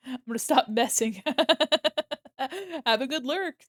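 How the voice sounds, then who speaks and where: A woman streamer chats with her viewers while she draws, joking and playing at being offended, with frequent laughter. Her voice sits a little high, and she talks at an unhurried pace. The sound is close and dry. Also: lively intonation, a bit bright, dry recording. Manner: playful, mock-offended, laughs often. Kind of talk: casual live-stream chat while drawing.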